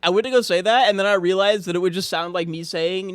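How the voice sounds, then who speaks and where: High-voiced joking male streamer. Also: steady tone, fairly quick, hardly any pauses, faint music behind. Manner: joking, swings from mumbling to high shouts, frequent laughter. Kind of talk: casual livestream chat while gaming.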